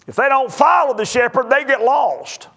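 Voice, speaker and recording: A man's voice: very high-pitched, moderate pace, fairly bright tone. A man preaching a sermon, telling folksy stories and plain jokes between scripture readings.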